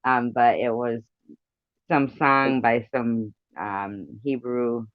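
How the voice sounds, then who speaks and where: A man hosting a live stream in casual chat, talkative, joking and quick to laugh. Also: mid-range voice, steady tone, no room sound. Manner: chatty, laughs often, jokey. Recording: dull, lo-fi sound.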